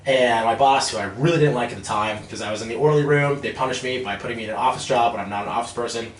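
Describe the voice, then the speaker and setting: A man's voice: mid-range voice, very fast. A man in his thirties, a podcast guest, telling stories casually with lots of fillers and laughter. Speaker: guest, real estate developer. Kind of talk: casual storytelling. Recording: echoey room, distant mic, faint noise.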